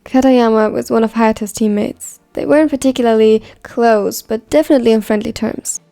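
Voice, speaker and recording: A woman narrating a fan story in an even, measured reading voice. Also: a little high, gravelly, faint music behind.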